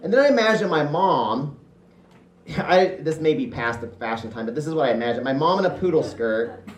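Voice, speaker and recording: A man from Indiana telling a comic family story in a one-man show, conversational, with pauses and fillers. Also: on the high side, lively intonation. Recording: echoey room with faint music.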